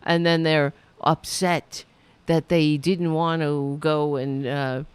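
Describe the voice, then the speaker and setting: A woman's voice: sits low, level tone, slow, clear, resonant tone, no room sound. A woman hosting her own livestream show, talking casually to her viewers in a rambling, profane way with sudden emphatic rises. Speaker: show host.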